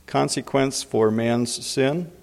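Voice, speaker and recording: A man giving Bible teaching in an unhurried way, pausing often with fillers. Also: medium pitch, gravelly, darkish tone. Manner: unhurried, frequent pauses and fillers. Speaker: preacher. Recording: long hall reverb.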